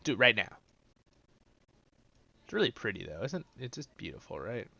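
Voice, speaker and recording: A man's voice: medium pitch, big pitch swings, normal speed, vocal fry, sharp tone, dull audio. Chatty man hosting a game playthrough. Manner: chatty, talks straight to viewers. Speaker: host. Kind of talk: let's-play game commentary.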